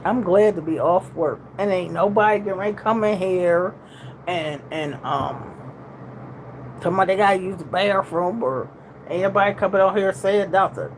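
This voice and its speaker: A woman's voice: fairly low pitch, moderate pace, rough recording. Lady in her 60s just chatting on her stream, laid back, slangy, easy drawl, bit of room noise. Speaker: livestream host. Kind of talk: casual livestream chat with viewers.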